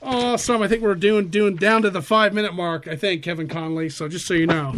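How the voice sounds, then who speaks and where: A middle-aged man hosting a radio show in loose, rambling casual banter, quick to laugh. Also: sits high, steady tone, a bit bright, a little hiss or hum.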